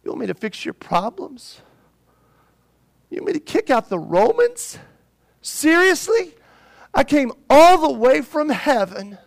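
A grieving, exasperated savior pleads with his people, his gravelly voice high and insistent, as a male preacher acts him out in a sermon. He sounds incredulous, then grave. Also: sing-song, measured pace, pauses often, dry recording, full character voice. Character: grand, sorrowful male savior lamenting.

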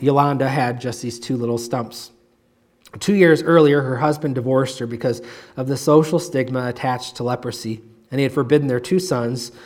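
A man preaching a sermon, reading a moving story aloud. His delivery is measured, and he slows and drops to a hush on the key phrases. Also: medium pitch. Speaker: pastor.

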